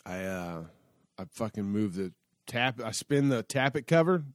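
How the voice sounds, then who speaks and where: A man's voice: lowish voice, lively intonation, unhurried, no room sound, studio quality. A man telling a long casual story in a rambling, profane way, full of fillers and restarts. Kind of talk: casual spoken anecdote.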